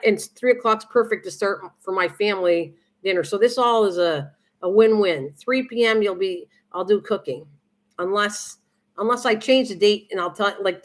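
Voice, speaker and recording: A middle-aged woman talks casually to her viewers while she cooks on a live stream. She rambles, restarts her sentences and fills the pauses with ums and uhs. Her pitch sits in a plain middle range. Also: fairly bright tone. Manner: chatty, rambling, many restarts and fillers.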